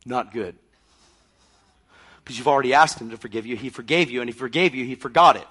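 A male preacher delivering a fervent sermon, acting out scenes and swinging between shouting and near-whispers. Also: mid-range voice, brisk, long pauses, husky.

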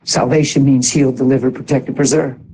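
A man preaching a sermon in an animated way, exhorting the congregation with asides. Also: medium pitch, fairly quick, slight background noise, poor audio.

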